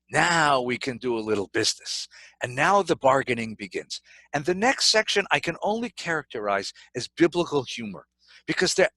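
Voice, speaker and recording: Brief: middle-aged male rabbi, dramatic storyteller, bright voice, dry close sound. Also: on the high side, dry recording. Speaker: rabbi, keynote speaker. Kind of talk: lecture on scripture. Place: synagogue lecture.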